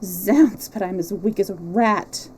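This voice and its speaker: A woman voicing a weak, wounded English gentleman with sleepy, drawly, affected tones. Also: medium pitch, a little slow, slight background noise, lightly acted. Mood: drawling.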